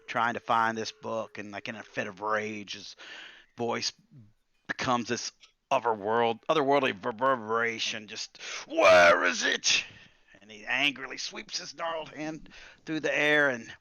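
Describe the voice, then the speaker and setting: Gravelly man narrating his character. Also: medium pitch, steady tone, moderate pace, bright, forceful tone, no echo, dull audio. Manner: descriptive, with many fillers. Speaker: player.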